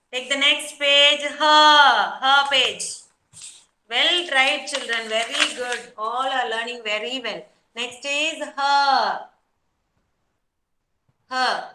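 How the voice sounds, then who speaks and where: A woman teaching young children an online lesson, sounding words out slowly syllable by syllable and praising them. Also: high voice, bright, forceful tone, reverberant. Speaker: kindergarten teacher. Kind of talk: online class teaching Hindi letters.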